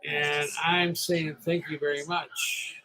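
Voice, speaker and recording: A man's voice: on the high side, level tone, slow pace, pushed and bright, poor audio. A middle-aged man from upstate New York hosting a solo live stream, rambling and chatty after a few drinks. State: slightly tipsy.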